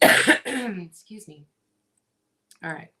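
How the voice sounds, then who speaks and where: A middle-aged woman hosting a crafting video, chatting casually with viewers as she works and often pausing with fillers. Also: medium pitch, expressive, sharp tone. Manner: chatty, talks to viewers while working, frequent fillers.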